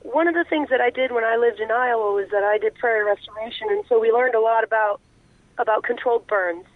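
A woman's voice: a little high, fast talker, no room sound. A woman guest talking earnestly over the phone, explaining her views in long, run-on thoughts. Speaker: guest on a call-in interview. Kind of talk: conversational explanation. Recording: tinny phone line.

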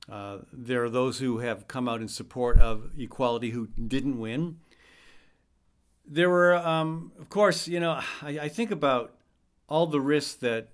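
A man's voice: medium pitch, smooth. A middle-aged man hosting a talk radio show, speaking conversationally and reading quotes aloud with wry asides.

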